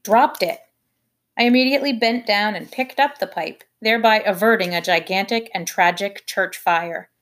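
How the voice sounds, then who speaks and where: A woman reading a children's novel aloud with lively, expressive narration. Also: medium pitch, normal speed. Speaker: audiobook reader. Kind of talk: scripted narration.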